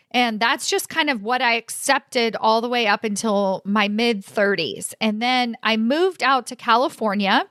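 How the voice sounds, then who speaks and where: A woman in her forties telling a personal story to her audience, animated and expressive. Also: on the high side, dry recording, studio quality. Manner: animated, expressive, laughs often. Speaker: career coach and host.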